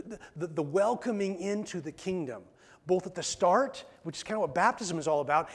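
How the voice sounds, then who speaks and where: A man's voice: sits high, husky. A male pastor giving a conversational sermon in church, often repeating words as he starts a sentence.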